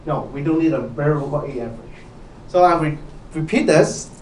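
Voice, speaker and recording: This programming lecturer's voice runs on the high side, a bit fast and a little mellow. He's repetitive, quizzes his class and punctuates everything with "okay?" The recording comes from a distant mic in an echoey university lecture hall, with slight background noise.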